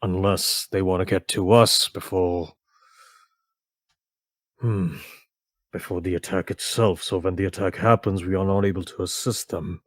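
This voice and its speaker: A man voicing an armored warrior in a vision who speaks with measured caution. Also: low-pitched, steady tone, no echo, clean studio sound. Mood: grave.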